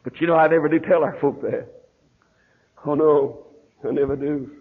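An older man preaching a sermon, telling stories in a folksy way, his voice quiet at times and rising at others. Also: on the high side, steady tone, moderate pace, husky. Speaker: pastor. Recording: tinny phone-like old sermon recording.

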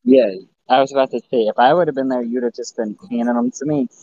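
A man's voice: medium pitch, steady tone, fast, mellow, no echo. Blunt joking man, dull lo-fi sound. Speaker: podcast host. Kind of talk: casual podcast chat.

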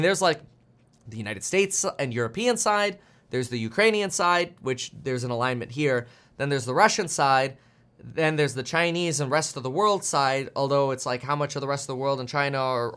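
A man's voice: fairly high pitch, a bit bright. A man in his thirties hosting a casual market commentary stream, chatty and jokey, with frequent fillers. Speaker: host.

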